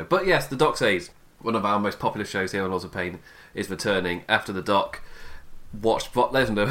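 Young male podcast host, lowish voice, chatty, rambling, laughs at his own slips. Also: fairly bright tone. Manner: rambling and self-interrupting, laughs often at himself. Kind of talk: casual wrestling podcast chat.

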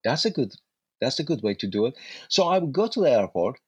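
Male guest, husky voice, animated storyteller, dry close sound. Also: medium pitch, brisk, no echo. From Iran. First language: Farsi. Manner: animated anecdotes with acted-out dialogue. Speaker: interview guest, actor. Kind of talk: casual storytelling.

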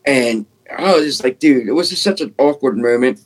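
A man in the middle of a pitch range tells his paranormal encounters with excitable, casual energy. He peppers every sentence with "dude" and "man" and lets a few curses slip as he rushes through the story. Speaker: podcast guest, paranormal investigator.

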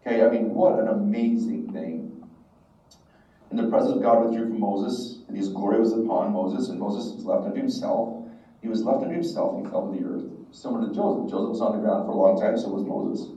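A man's voice: on the low side, lively intonation, fairly quick, mellow. A middle-aged man giving a devotional talk, telling a personal story and acting out the dialogue. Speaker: religious instructor. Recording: echoey, distant, dull room recording.

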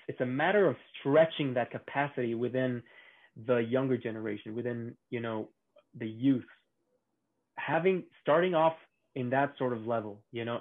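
A man chatting casually over a remote call, rambling with many restarts and laughing often. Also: medium pitch. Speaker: podcast co-host on a call. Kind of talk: casual chat. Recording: tinny phone-like call audio.

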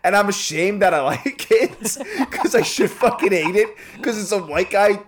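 A man from Canada co-hosting a podcast, talking in a casual, animated way, swearing and laughing often. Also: sits high, normal speed. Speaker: podcast co-host. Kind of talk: casual chat.

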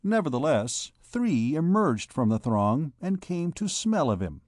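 A man narrating a classic novel as an audiobook reader, in a measured, formal storytelling manner. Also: fairly high pitch, very animated, darkish tone, no room sound, clean studio sound.

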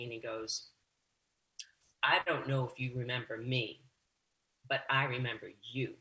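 A woman who teaches yoga, a guest on a radio show, telling a story in an earnest, animated way. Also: extremely low pitch, rough recording.

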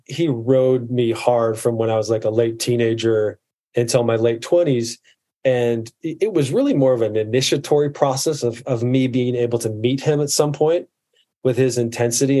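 A man's voice: medium pitch, normal speed, dark tone. A man in his thirties, a podcast guest and medical provider, talking in an earnest, reflective way and often restarting his sentences. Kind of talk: casual conversation.

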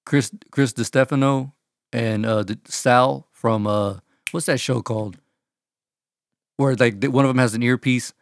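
A man's voice: mid-range voice, steady tone, a little slow, no room sound. A man co-hosting a podcast in casual chat, profane and joking, acting out quotes as he talks. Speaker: podcast co-host.

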